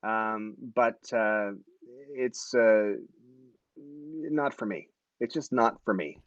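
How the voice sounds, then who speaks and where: A man's voice: mid-range voice, takes it slowly, no echo, dull audio. A man in his forties hosting a casual live-stream chat, rambling and joking, often correcting himself mid-sentence. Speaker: host.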